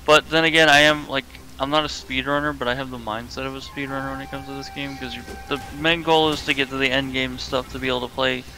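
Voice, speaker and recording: A man's voice: medium pitch, little pitch movement, fast talker, few pauses, bright, forceful tone, poor audio. A man streaming a game in casual chat, cracking goofy jokes and wordplay over game music.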